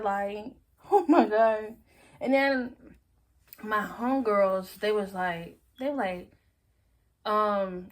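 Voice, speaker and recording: A young woman casually telling a story-time vlog, animated and laughing often, acting out her friends' lines. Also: mid-range voice. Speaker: storyteller vlogger.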